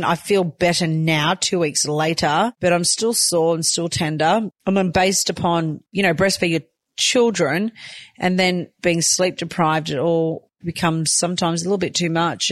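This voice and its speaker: In a chatty personal vlog, a new mother talks openly and emotionally, using lots of fillers. Her voice sits lowish, and there is no room sound.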